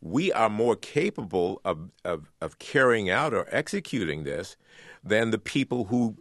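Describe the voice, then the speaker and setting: A man with a fairly low voice speaks in an earnest radio interview, circling back and repeating words as he builds his argument. The sound is close and dry, with no room around it. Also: very animated, a little slow, fairly bright tone, no echo. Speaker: author and guest.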